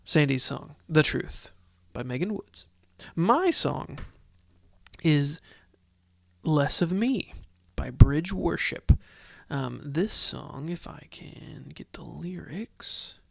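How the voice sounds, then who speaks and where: A man hosting a faith podcast on his own, talking in an unhurried, chatty way and thinking out loud. His voice has a gravelly edge. The sound is dry and close, with no room around it. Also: a little high, expressive, no room sound. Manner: chatty, thinking aloud, heartfelt. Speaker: podcast host. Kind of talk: solo Bible study podcast talk.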